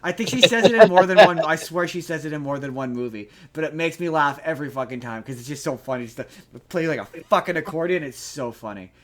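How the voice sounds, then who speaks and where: Speaking fast with barely a pause, a man with a fairly high voice hosts a podcast. He talks loosely about a film, stumbling into restarts and cursing frequently as he goes.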